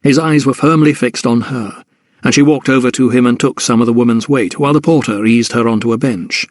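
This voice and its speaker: A man's voice: medium pitch, dry recording. Man narrating a historical mystery in a dry booth. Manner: measured, even storytelling. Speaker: audiobook narrator. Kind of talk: scripted narration.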